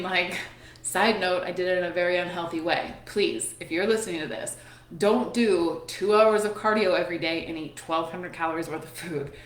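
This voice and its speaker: A woman in her thirties hosts a casual motivational chat, blunt and full of swearing. She laughs often between her stories. Her voice rings out in an echoey room. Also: mid-range voice. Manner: candid and animated, swears freely, laughs often. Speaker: host.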